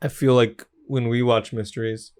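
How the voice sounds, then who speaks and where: A man's voice: medium pitch, little pitch movement, normal speed, darkish tone, smooth. Joking young man podcast co-host. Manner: joking, folksy phrasing, rambling restarts. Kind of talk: casual movie chat.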